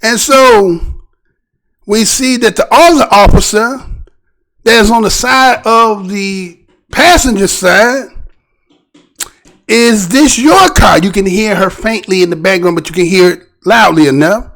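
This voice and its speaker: A man hosting a news commentary show, talking in an animated, preachy way and firing off rhetorical questions. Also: sits high, unhurried. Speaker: show host.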